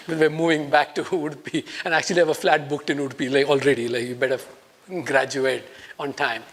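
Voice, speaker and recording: This Indian English speaker from India, aged in their fifties, talks a little quickly at a medium pitch with a flat delivery. They are giving a personal conference talk, breaking from reflection to perform quoted lines loudly.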